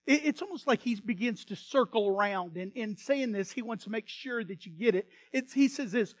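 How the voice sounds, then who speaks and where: A male pastor with a high voice preaches a sermon, shifting from loud, emphatic stretches to quiet, hushed asides and having the congregation echo lines back to him. He tends to repeat words as he starts phrases. There's no room sound.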